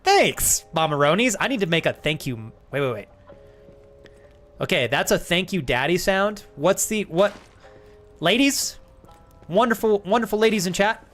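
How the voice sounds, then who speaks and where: Guy streaming a game, swears a lot, goofs around w chat, kinda high voice. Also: lively intonation, normal speed, long pauses, a bit bright, soft background music. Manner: crude, joking, reads chat thanks aloud. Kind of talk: live gaming stream banter.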